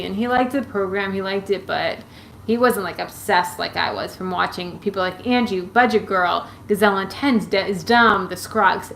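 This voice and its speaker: A woman's voice: medium pitch, moderate pace, creaky, fairly bright tone, slight background noise, poor audio. A woman chatting casually on a live stream, rambling with many fillers and restarts as she answers viewers' comments. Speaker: YouTuber answering viewer questions.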